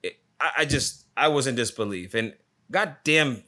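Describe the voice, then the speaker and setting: A man's voice: medium pitch, very animated, a little slow, bright, forceful tone. A man telling a rambling, profanity-filled travel story in a casual, exasperated way. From lives in Phoenix area. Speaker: storyteller recounting a trip.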